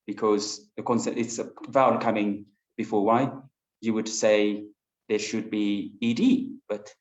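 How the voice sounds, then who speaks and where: A man's voice: on the low side, a little mellow. A man teaching an English class online, patiently explaining with many fillers and restarts. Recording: dull lo-fi sound in an echoey room.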